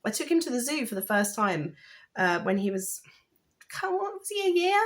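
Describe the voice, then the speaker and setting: A woman vlogging about knitting, talking in a rambling, chatty way and gushing with excitement, sounding tired. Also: fairly high pitch, moderate pace. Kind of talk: casual chatty vlog.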